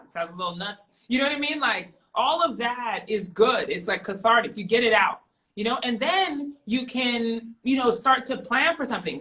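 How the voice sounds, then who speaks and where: A middle-aged woman speaking candidly as an interview guest, emphatic and animated, repeating her points for stress. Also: on the high side, moderate pace, rough recording.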